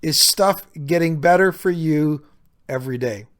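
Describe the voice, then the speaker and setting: A man hosts a reflective solo podcast, speaking earnestly and conversationally with frequent small fillers. His voice is a little high and a little slow.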